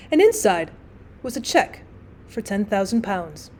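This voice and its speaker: Woman narrator, teacher, fairly high voice, expressive audiobook reading. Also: normal speed.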